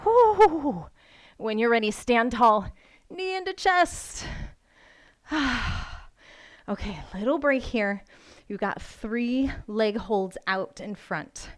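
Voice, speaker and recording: Slow-paced smooth-voiced woman yoga instructor. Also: a little high, lively intonation. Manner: encouraging, counting reps aloud. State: breathing hard from exercising. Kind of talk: guided workout instruction. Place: home room.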